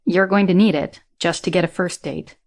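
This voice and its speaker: Brief: female narrator doing a keen, chatty guy, lower register, audiobook. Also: steady tone, moderate pace. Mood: eager. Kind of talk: audiobook character reading.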